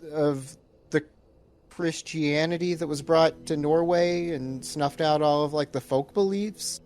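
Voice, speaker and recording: A man's voice: a little high, fairly even intonation, unhurried, a little mellow. Man making dry, wry podcast asides. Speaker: podcast co-host. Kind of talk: casual movie review chat.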